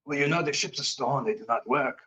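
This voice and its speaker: A man's voice: medium pitch, brisk, sharp tone. A man voicing a frantic, bound French Canadian man who pleads and babbles in a French Canadian accent. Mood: raving.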